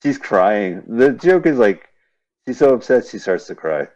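In a very animated yet unhurried mid-range voice that's a touch mellow, a man chats casually with his co-host over an old silent film. He describes the scenes and tosses in wry humor, heard on a dull lo-fi radio stream.

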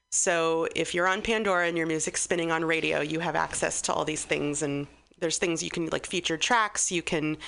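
A woman's voice: on the low side, fairly bright tone, clear, resonant tone. A woman in her thirties chatting enthusiastically as a radio guest, rambling and restarting as she goes. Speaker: guest musician. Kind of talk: casual radio chat.

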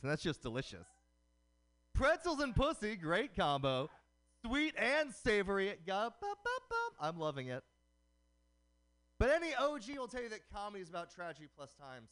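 A man's voice: high voice, a bit bright. Punning stand-up comedian man. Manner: punning, quick joke delivery. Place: comedy night broadcast on radio.

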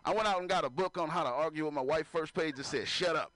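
Fast and fairly high-pitched with a fairly bright tone, a dry recording captures a stand-up comic in a club before a live crowd. He's loose and conversational, laughing at his own material and repeatedly asking the crowd to clap.

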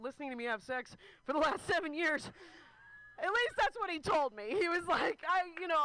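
A high, bright woman in her thirties tells a stand-up story. She rambles candidly and keeps breaking into laughter between lines. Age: 30s. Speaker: stand-up comedian. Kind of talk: stand-up comedy set.

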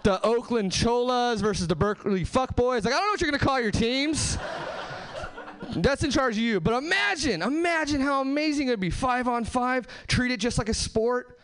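A male stand-up comedian from Southern California works a club stage with a high-pitched voice. His delivery is punchy and animated, with wide, lively swings in pitch. He speaks into a handheld stage mic. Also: moderate pace, noisy background.

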